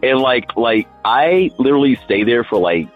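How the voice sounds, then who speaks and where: A man's voice: mid-range voice, moderate pace. A man hosting a podcast, telling a story casually with lots of "like" and acted-out quotes. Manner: animated, lots of "like", acts out quotes. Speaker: podcast host. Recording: phone-like line with faint music.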